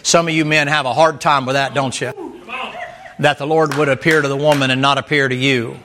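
A man's voice: mid-range voice, steady tone, a little fast, bright, forceful tone. A man preaching a sermon in a folksy, emphatic way, chuckling often and repeating himself. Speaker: pastor.

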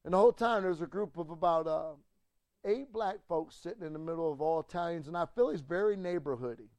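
A middle-aged man, a pastor, telling a story in a sermon with animated swings from loud to hushed and stammering restarts. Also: a little high, fast talker, dry recording.

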